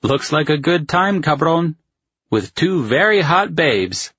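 A man voicing a brash, crude young friend who teases and swaggers, raised and loud. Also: medium pitch, sing-song, measured pace, slightly rough, dry recording, highs cut off, pitched above the performer's own voice, full character voice. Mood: brash, teasing.

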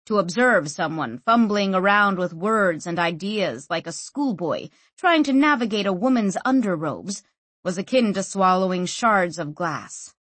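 Expressive, husky woman narrator. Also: medium pitch, a little slow, no echo. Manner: expressive, lively storytelling reading. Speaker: audiobook narrator. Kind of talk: scripted audiobook narration.

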